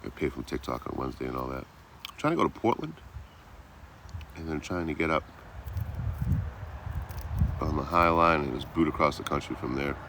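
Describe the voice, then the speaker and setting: A man's voice: very deep voice, lively intonation, moderate pace, vocal fry, long pauses, bright, forceful tone, slight background noise. A man chatting loosely with viewers on a livestream, rambling and swearing freely. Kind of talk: casual live chat.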